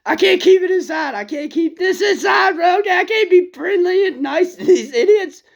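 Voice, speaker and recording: Brief: male performer as a gloating, mocking prophet, lively swings from hushed menace to loud jeers. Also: normal speed, vocal fry, heavily acted. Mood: gleeful shouting. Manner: taunting, swings from low whispers to laughing shouts.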